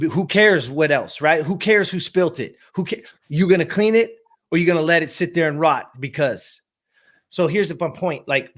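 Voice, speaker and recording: Brief: fifty-something man, motivational storyteller, emphatic, fairly high voice, talks straight to the audience. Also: fairly bright tone. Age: 50s. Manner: emphatic, repeats words, addresses the audience directly. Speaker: guest.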